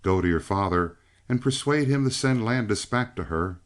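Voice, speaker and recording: Male narrator doing a proud little red-headed gunslinger, deep and clipped, cool. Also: lively intonation, moderate pace, lightly acted. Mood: earnest. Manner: clipped, cool, through the teeth. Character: proud small red-headed gunman, touchy.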